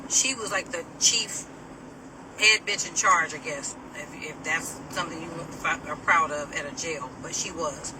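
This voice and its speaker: A middle-aged woman telling a personal story to camera in a casual, animated, sassy way, laughing as she mimics people. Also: low-pitched, unhurried, distant mic, background noise.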